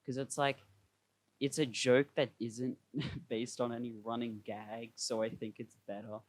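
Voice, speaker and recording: A man's voice: medium pitch, flat delivery, unhurried. A young man hosting a podcast, chatting casually, laughing and rambling over voice chat from home. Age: young adult. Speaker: podcast host. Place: home, remote call. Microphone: computer mic over voice chat.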